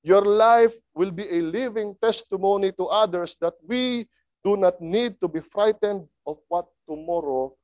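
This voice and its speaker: A man preaching a sermon in a slow, emphatic way, asking his listeners rhetorical questions. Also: on the high side, darkish tone, no echo.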